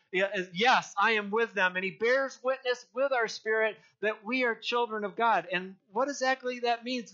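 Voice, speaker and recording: An older male pastor preaches in an earnest, rambling way, doubling back on his words and rising to cry out key phrases. His voice sits high and sounds bright and forceful. The recording is dull and lo-fi. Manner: earnest, rambling with many restarts and crying-out emphasis. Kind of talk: sermon.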